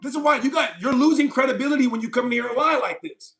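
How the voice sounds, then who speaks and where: A man's voice: very high voice, fast, hardly any pauses. A man streaming live, reading chat comments aloud and mocking them combatively. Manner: combative, mocking, loud outbursts.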